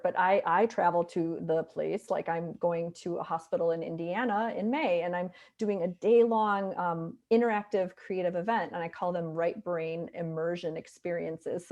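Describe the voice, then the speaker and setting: A woman's voice: lowish voice, dark tone, muffled recording. A middle-aged woman with a nasal voice and a Wisconsin accent, a physician and author chatting upbeat as an interview guest over a remote call. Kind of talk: casual interview talk.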